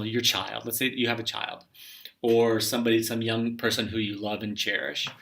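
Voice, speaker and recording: A man giving a reflective spiritual talk, speaking gently and musing, often trailing off softly. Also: medium pitch, recorded from a distance. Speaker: spiritual teacher.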